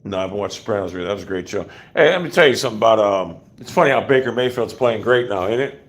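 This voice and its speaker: A man's voice: fairly low pitch, animated, racing. A man hosting a casual livestream, ranting bluntly with profanity and rambling asides. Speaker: livestream host.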